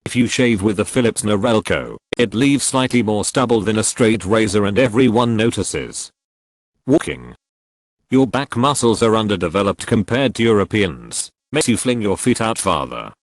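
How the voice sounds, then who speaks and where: A man's voice: lowish voice, lively intonation, moderate pace, no room sound. A man narrating, reading out a list of online comments. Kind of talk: scripted narration.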